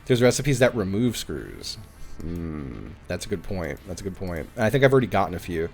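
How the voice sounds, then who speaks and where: Casual young male game streamer, low voice that swings up and down a lot, swears freely, faint game music underneath. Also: big pitch swings, brisk, creaky, a little mellow. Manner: chatty, swears, thinks aloud, thanks viewers. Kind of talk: casual live-stream chat while playing.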